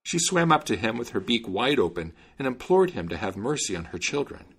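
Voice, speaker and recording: A man narrating a fairy tale in an expressive, lively reading style. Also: medium pitch, fairly quick, hardly any pauses, slightly rough. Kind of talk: storybook narration.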